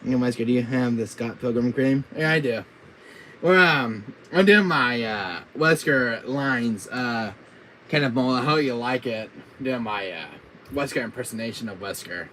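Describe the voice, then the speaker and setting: A man casually chatting with his viewers on a gaming live stream, giggly and excitable. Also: mid-range voice, normal speed, a little hiss or hum, rough recording.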